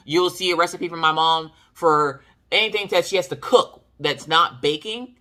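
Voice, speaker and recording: With a Southern US accent, a woman vlogger casually tells a story to the camera in a sassy, emphatic manner. She speaks at a moderate pace in a lowish, bright, forceful voice, hardly pausing at all.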